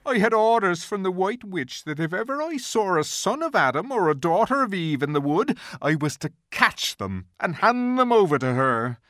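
A tearful high-pitched faun. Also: male voice, a bit bright, no echo, studio quality, exaggerated voice. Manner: pleading, tearful, rising high. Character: timid weeping male faun, fearful. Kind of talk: audiobook character voice.

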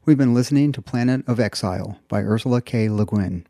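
Male reviewer, polished scripted read, warm dark tone, lowish pitch, dry close mic. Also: brisk, no room sound. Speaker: audiobook reviewer.

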